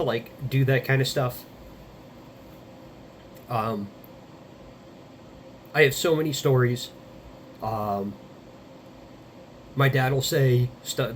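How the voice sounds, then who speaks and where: A man in his thirties talking casually to the camera, halting and rambling with many fillers and some blunt swearing. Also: mid-range voice, slight background noise. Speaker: vlogger. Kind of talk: casual confessional monologue.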